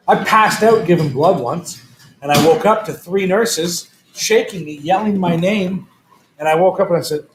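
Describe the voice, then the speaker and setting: A man's voice: on the high side, fairly quick. A man co-hosting a casual talk show, trading dry, self-mocking wisecracks and anecdotes. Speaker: co-host. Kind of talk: crude comedic casual chat. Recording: echoey room with faint noise.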